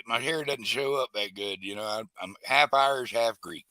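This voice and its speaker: A man with a mid-range, bright, forceful voice chats casually at normal speed as a guest co-host on a live stream, with no room sound. He's folksy, stammers and restarts a lot, and greets people in chat by name.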